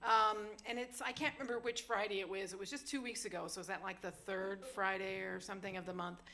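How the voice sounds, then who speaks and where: A woman hosts a live storytelling show, talking casually with a guest and groping for details. Her voice has a gravelly edge but stays bright and forceful. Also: mid-range voice, steady tone, fast. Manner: chatty, searching for words. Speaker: host. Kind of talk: casual onstage chat.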